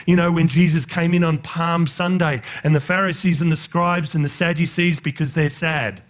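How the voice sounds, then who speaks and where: A man's voice: fairly even intonation, moderate pace. A male pastor preaching a sermon, joking with the congregation and rising into impassioned preaching. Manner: jokey, conversational, talks directly to the congregation; builds into impassioned, high-pitched preaching.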